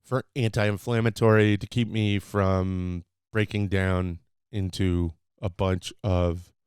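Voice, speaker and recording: A man hosting his own podcast, chatting loosely and unscripted, teaching short phrases with lots of fillers and the odd excited burst. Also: deep voice, slow, clean tone, no room sound, clean studio sound. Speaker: podcast host.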